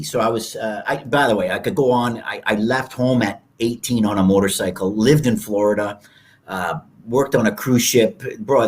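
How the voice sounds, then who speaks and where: A man in his sixties from Canada, a guest telling stories in an animated, casual way, often acting out other people's voices. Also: medium pitch. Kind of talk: casual storytelling interview.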